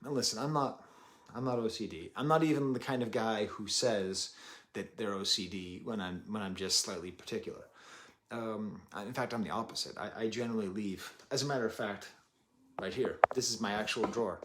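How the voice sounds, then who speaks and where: A man's voice: on the low side, brisk, fairly bright tone. A man in his thirties reviewing an album, rambling and self-deprecating with jokey asides. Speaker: music reviewer. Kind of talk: casual chat.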